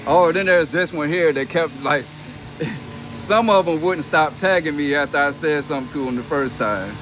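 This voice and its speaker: Young man with a fairly high voice, brash and mocking, noisy phone livestream. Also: normal speed. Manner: brash, profane and mocking, laughing between lines. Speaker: reality TV personality reading comments on a live stream. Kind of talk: casual livestream rant.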